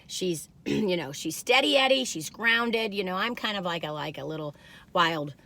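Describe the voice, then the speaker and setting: A woman's voice: lowish voice, animated, moderate pace, bright, forceful tone. A woman in her sixties, chatting in a bubbly, rambling way with many asides as she reviews food. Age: 60s. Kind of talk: casual chatty storytelling.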